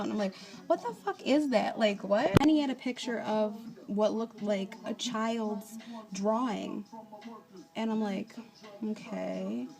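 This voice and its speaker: Young woman vlogger, brash storyteller, profane and exasperated, recorded on a phone. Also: medium pitch. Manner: profane, exasperated, acts out both sides of a chat. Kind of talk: casual storytime vlog. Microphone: phone or webcam.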